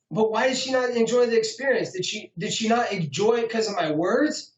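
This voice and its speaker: A cocky fighter mocks his rivals in a high, boastful voice. The sound is close, dry and slightly dull, with no room around it. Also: husky, dry recording. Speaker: fighter being interviewed. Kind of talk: boastful trash talk.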